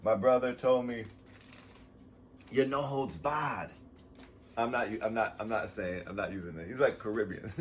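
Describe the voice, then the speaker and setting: A man vlogging a casual motivational monologue, rambling and swearing, swinging from loud bursts to soft asides as he gets emotional and close to tears. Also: lowish voice, fairly even intonation, a little fast, slight background noise.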